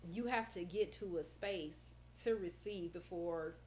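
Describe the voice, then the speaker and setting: A woman therapist, a guest on a podcast, explaining in a lively, casual way and acting out how she talks with her young clients. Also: on the low side, unhurried.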